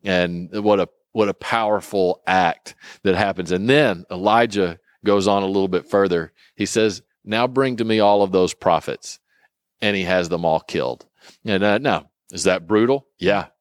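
A man teaches from scripture in a relaxed, conversational way, earnest and reflective. His voice sits a little low and sounds smooth and resonant. The sound is dry and close. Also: dry recording. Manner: earnest, reflective, halting with fillers. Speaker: Bible teacher.

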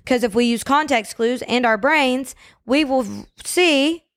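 A woman's voice: high-pitched, a little slow. Slangy, emphatic young woman podcaster. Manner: animated, emphatic, slangy ("bro", "baby"). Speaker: podcast host. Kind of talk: solo casual podcast rant. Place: at home.

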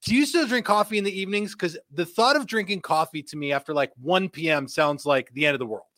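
An upbeat man hosts a live stream from his own studio, joking and laughing as he chats. His voice sits a little high, and the sound is very dry and close with no room echo. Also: fast talker, a bit bright. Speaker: host. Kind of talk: live-stream chat, reading viewer comments. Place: home studio.

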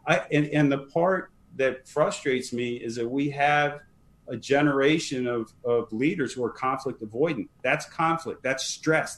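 A man guest on a podcast interview, talking earnestly and emphatically, often repeating words as he starts a sentence. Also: on the high side. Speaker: fire service leadership trainer, guest.

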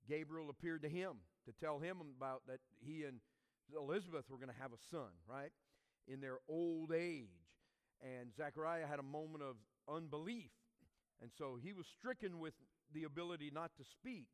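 Male pastor preaching a sermon, fairly high voice, long church reverb, emphatic then hushed. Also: moderate pace, smooth. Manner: expressive preaching, swings from loud emphasis to hushed asides. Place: church sanctuary.

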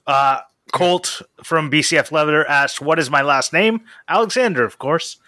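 A young man co-hosting a casual podcast chat, reading out listener questions and joking with quick laughs. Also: on the high side, pushed and bright, dry recording. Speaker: podcast co-host.

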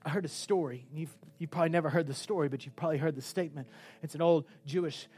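Male preacher, high-pitched, passionate sermon delivery, faint music bed. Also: fast talker, slightly rough. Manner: impassioned, swinging from shouts to hushed tones.

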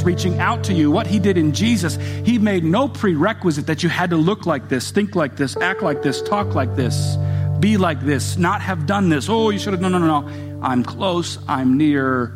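A man's voice: high-pitched, lively intonation, normal speed. A man preaching a sermon as a pastor, earnest and repetitive, building emphasis as he speaks. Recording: music playing behind the voice. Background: soft guitar music.

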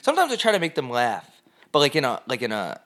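A man's voice: medium pitch, huge pitch swings, fast talker, fairly bright tone. A young man co-hosting a podcast, chatting casually and telling crude, rambling jokes with lots of fillers. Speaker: podcast co-host. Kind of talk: casual chat.

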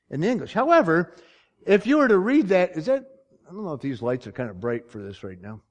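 A man's voice: a little high, sing-song, fairly quick. A man preaching a sermon from slides in a church, often checking whether his listeners follow him. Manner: teaching from slides, asks the congregation questions. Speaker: pastor. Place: church sanctuary.

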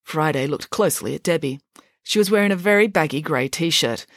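A woman narrating a children's storybook in an expressive, lively way. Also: low voice, a little fast, no room sound, studio quality. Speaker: audiobook narrator.

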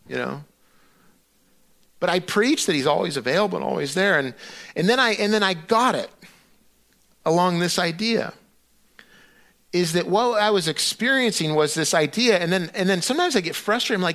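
Bright-voiced, high-pitched male pastor. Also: expressive, normal speed. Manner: conversational, acts out his own prayers to God with many restarts. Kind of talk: sermon.

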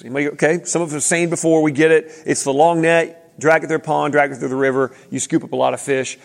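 A man preaching a sermon in a casual, animated way, with slang and restarts. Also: a little high, vocal fry. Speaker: pastor. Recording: long hall reverb.

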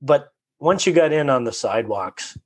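A man telling a personal story in conversation, animated and acting out his own inner voice. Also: mid-range voice, normal speed.

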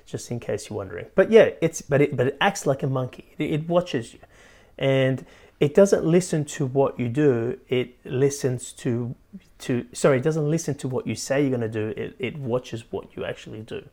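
This life coach's motivational podcast features his mid-range voice at a moderate pace. He talks with animation, tagging his points with "right?" again and again.

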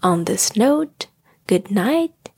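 A woman tells a bedtime story at a very slow, soothing pace, her voice soft and often whispered. The tone is husky and gravelly. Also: medium pitch, big pitch swings.

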